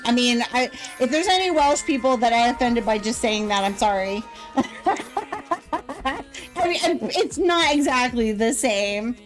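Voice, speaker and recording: An American woman talks on her live stream in a high, unhurried voice. She rambles loosely and keeps breaking into giggles, with faint music playing behind her. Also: expressive. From United States. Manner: giggly, rambling, laughs often between remarks. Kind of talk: casual live-stream chat.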